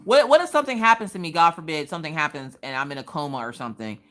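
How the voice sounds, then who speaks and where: A woman hosting a casual live craft stream, chatting in an animated way and answering viewers' comments. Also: low-pitched, very fast.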